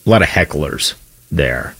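Very deep husky man on sports radio. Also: lively intonation, measured pace, a bit bright. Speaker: radio co-host.

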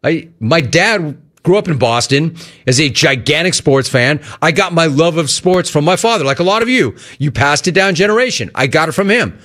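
A middle-aged man hosting a sports talk show, answering listener questions in a casual, animated way that acts out remembered conversations. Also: a little high, normal speed.

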